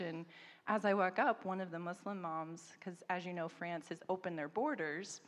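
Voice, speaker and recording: A missionary woman in her thirties telling a story, animated and laughing often, mimicking people in a higher voice. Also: normal speed. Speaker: missionary guest. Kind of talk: storytelling in a church interview. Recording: long hall reverb.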